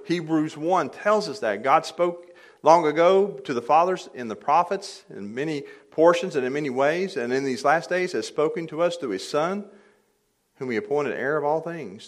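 An older man preaching a sermon in a church, plainly conversational with light humor, rising to emphatic peaks on key points. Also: mid-range voice. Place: church sanctuary.

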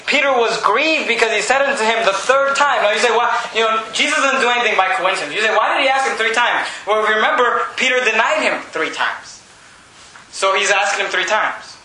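A man preaching a sermon with fervor, rising to shouts and reading scripture aloud. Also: sits high, brisk, heavy reverb, a little hiss or hum, poor audio. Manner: fervent preaching, rises to shouts, reads scripture in old English.

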